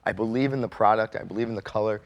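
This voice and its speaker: A man's voice: on the low side, racing, muffled recording. A man who is an interior designer, telling anecdotes in a chatty way on a panel. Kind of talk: panel talk, storytelling.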